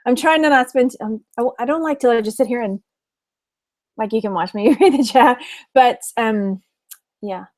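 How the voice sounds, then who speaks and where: Her voice sits a little high and sounds slightly mellow, moving at a moderate pace broken by long pauses. She's a Texan online reseller hosting a livestream, chatting loosely, laughing often, and reading viewer comments out loud.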